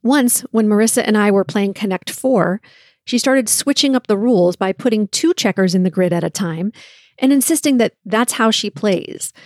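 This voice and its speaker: A woman's voice: medium pitch, moderate pace, dry recording, clean studio sound. Mother in her forties hosting a podcast. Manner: storytelling, lively when acting out quotes. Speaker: podcast host and parent. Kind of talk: solo podcast talk.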